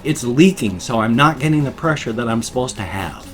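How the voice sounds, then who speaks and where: A man's voice: mid-range voice, expressive, a little fast. A man in his fifties venting in an agitated rant during a casual daily vlog. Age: 50s. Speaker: vlogger.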